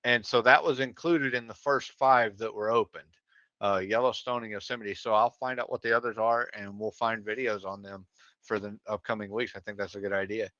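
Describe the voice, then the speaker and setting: Male co-host, lowish voice, relaxed recap delivery, dry and slightly muffled stream audio. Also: brisk, dry recording. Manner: easygoing, recaps with short affirmations and filler "uh". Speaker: co-host of a veteran livestream show. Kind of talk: casual livestream recap chat.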